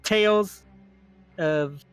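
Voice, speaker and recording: A man in a tabletop game speaking in his character's put-on southern drawl, his somewhat high voice moving in halting, hesitant phrases. Faint music plays under the voice chat. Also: clear, resonant tone. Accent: American Southern (put on). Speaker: player.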